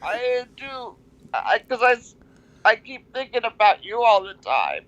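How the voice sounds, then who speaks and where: A man voicing a weepy middle-aged woman from a reality show, speaking in a high, tearful, drawn-out wail. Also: big pitch swings, a bit bright, muffled recording, heavily acted.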